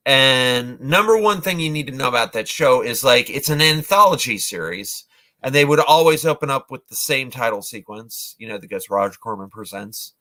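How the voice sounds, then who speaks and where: A man's voice: medium pitch, animated, normal speed, sharp tone. A man in his forties who casually retells movies, rambling, with lots of fillers and restarts. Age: 40s. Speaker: vlogger, movie reviewer.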